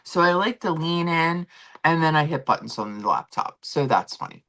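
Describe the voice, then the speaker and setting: Woman streamer host, low voice with lots of swing in it, chatty storyteller at home. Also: normal speed. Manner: chatty, animated storytelling with acted-out quotes. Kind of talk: casual chat. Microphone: laptop and phone setup.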